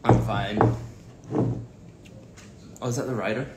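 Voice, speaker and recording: A man's voice: mid-range voice, fairly even intonation, slow pace, darkish tone. A young man joining a casual livestream chat, teasing in a dry, offhand way. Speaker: co-host, her brother. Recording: roomy room with audible hiss.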